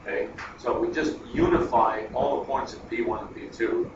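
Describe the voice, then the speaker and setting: Speaking at medium pitch and normal speed, a man works through a math lecture at the board, wandering off on tangents and thinking out loud in a chatty way. The classroom sound is echoey and noisy, picked up by a far-off, lo-fi microphone.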